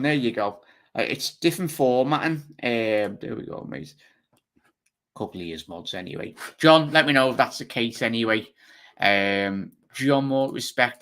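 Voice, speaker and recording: A man with a Liverpool accent hosting a live football fan show, chatting fast and rambling while reading out viewer comments. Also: mid-range voice, fairly bright tone. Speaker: fan channel host.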